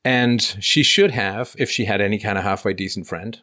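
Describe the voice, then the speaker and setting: A man's voice: lowish voice, moderate pace, pushed and bright. Emphatic man hosting an advice call-in. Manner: emphatic, lecturing, acts out quotes mockingly. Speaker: call-in show host.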